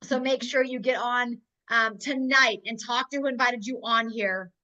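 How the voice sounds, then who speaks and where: A woman with a high, bright, sharp voice gives a fervent motivational pitch, repeating her rallying lines while on the edge of tears. She comes from North Dakota. Her audio has the muffled, lo-fi sound of a video call. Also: fairly even intonation, normal speed. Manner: emotional, on the verge of tears. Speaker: host of a sales webinar.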